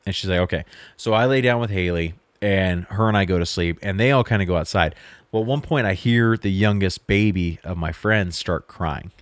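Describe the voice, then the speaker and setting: Low-voiced young man telling a story. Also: moderate pace, no room sound. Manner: storytelling with swearing and quoted dialogue. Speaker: podcast co-host. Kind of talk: casual chat.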